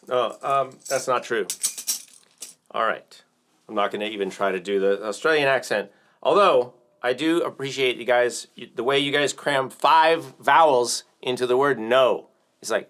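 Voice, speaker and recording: A man's voice: medium pitch, a little slow, fairly bright tone. Rambling, joking American man on a livestream. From United States. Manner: rambling, joking, with many fillers and self-corrections. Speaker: livestream host and drum teacher. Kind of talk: casual livestream chat.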